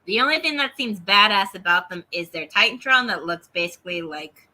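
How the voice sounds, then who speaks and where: A woman co-hosting a wrestling review show, recapping matches in an animated, opinionated way. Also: medium pitch, fairly quick. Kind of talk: casual recap and banter.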